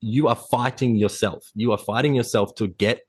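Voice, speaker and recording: A man's voice: medium pitch, normal speed, a little mellow, husky, no room sound. A man guesting on a podcast as a fitness coach, talking intensely and bluntly in a motivational way. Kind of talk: casual interview chat.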